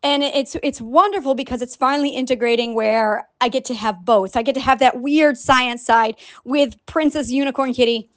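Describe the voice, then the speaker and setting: A woman talking casually on her vlog in an animated, rambling way, swearing now and then and acting out other people's voices. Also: high-pitched, moderate pace, hardly any pauses, no echo. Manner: animated and rambling, with frequent profanity; acts out quoted voices. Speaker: scientist and online writer. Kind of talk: casual unscripted vlog monologue.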